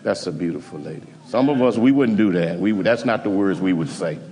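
A man preaching a sermon, emphatic and animated, chuckling as he tells the story. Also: low voice, brisk, in a large hall.

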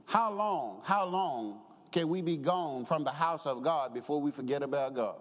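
A man's voice: a little high, animated, moderate pace, hardly any pauses. Brief: tenor-range male pastor, impassioned church sermon, hall reverb. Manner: rising to shouted preaching, acts out quotes, chuckles. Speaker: preacher.

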